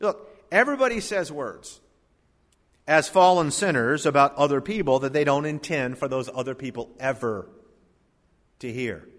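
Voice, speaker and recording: A man preaching a sermon as pastor, emphatic, with sudden drops and surges in loudness. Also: mid-range voice, animated, moderate pace, long reverb tail.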